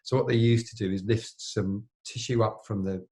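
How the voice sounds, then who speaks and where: A man's voice: on the low side, steady tone, moderate pace, a little mellow. A middle-aged man, a plastic surgeon co-hosting a podcast, telling long anecdotes in casual chat with lots of fillers and restarts.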